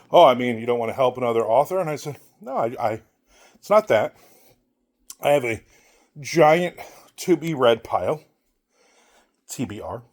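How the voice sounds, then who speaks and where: A middle-aged man who hosts his own channel, giving a blunt, rambling opinion while out on a walk and acting out the people he quotes. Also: mid-range voice. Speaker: author and channel host. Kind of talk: casual opinion monologue while walking.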